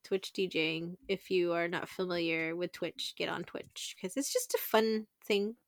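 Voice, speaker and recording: A woman's voice: on the low side, measured pace, no echo, studio quality. A woman co-hosting a casual podcast chat, with slangy talk and frequent laughter. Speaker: podcast co-host.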